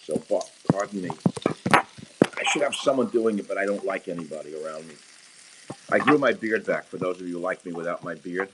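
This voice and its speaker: Cooking in his home kitchen on a livestream, a man chats casually into a handheld phone camera and drifts into crude, heated rants. His voice is deep, the recording very noisy, with a frying pan sizzling behind him.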